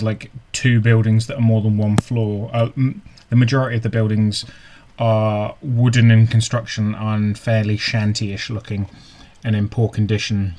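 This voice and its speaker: A man narrating as game master, halting with many ums and restarts. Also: fairly low pitch, darkish tone. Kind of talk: narrating a tabletop game online.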